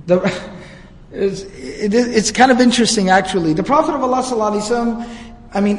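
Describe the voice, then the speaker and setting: Male teacher, high voice, relaxed storytelling lecture, roomy reverberant hall. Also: fairly quick. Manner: storytelling, casual asides. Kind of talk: religious history lecture. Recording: echoey hall.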